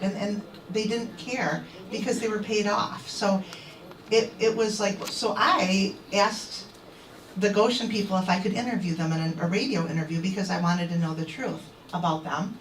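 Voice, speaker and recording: A woman's voice: medium pitch, normal speed, a little hiss or hum. A woman activist telling a crowd an indignant story and acting out what others said. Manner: indignant, quoting others in animated voices. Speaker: activist speaker. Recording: echoey, distant mic.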